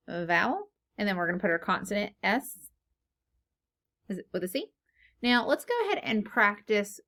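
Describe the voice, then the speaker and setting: A patient woman teaching phonics to young children. She asks a question, pauses, then answers it herself, sounding words out slowly letter by letter. Her voice sits at a middle pitch. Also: a bit bright.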